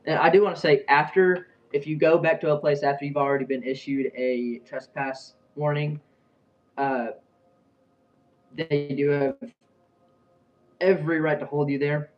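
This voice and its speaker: A man's voice: on the high side, little pitch movement, moderate pace, long pauses. Brief: young male vlogger, casual and rambling, dull, slightly distant recording. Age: young adult. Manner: rambling, with many fillers and restarts. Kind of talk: casual storytelling. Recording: dull sound, a bit far from the mic.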